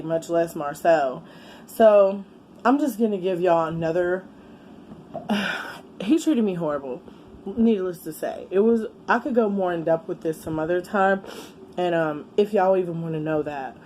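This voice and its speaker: A woman's voice: fairly low pitch, dark tone, poor audio. A woman in her thirties telling a long, rambling story to her viewers, candid and full of swearing and fillers. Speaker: vlogger. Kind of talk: casual story time while eating. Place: indoors with a fan running. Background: faint fan hum.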